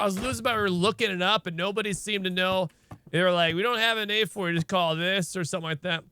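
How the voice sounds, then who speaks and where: A male streamer talks casually over his gameplay, thinking aloud and asking question after question. His voice is high and bright. His pitch swings widely as he talks, with soft game music underneath. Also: lively intonation, brisk. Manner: chatty, thinks aloud, asks many questions. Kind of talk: casual let's-play commentary.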